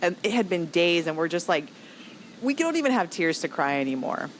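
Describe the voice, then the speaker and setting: Lower-voiced woman telling a story. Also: fairly quick, a little hiss or hum, rough recording. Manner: animated storyteller who acts out other people's lines. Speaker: comedian guest. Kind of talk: storytelling in a podcast interview.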